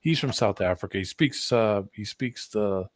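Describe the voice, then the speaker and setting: Stream guest, low voice, dry close sound, rambling hesitant storyteller. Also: male voice, moderate pace, no echo. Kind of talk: casual storytelling.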